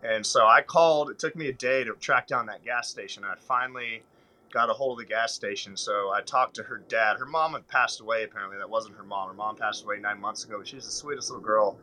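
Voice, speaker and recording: A man with a very bright, forceful voice recounts a long story from the road. He talks casually and animatedly, with lots of fillers and asides. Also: lowish voice, fast, low-quality recording. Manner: animated, rambling anecdote-telling with fillers. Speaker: touring country musician.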